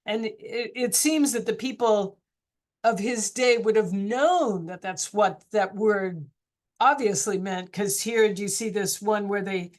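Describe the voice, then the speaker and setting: A woman's voice: mid-range voice, measured pace. A woman teacher running a casual online class discussion, chatty and encouraging, asking students question after question.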